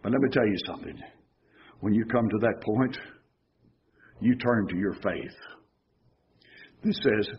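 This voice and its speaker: A man preaching as an elder, his high voice leaping all over the place as he swings from near-shouts down to hushed tones. He puts questions to the congregation and answers them himself. It sounds like a dull, lo-fi church recording with a faint hiss. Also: big pitch swings, normal speed. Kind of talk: sermon.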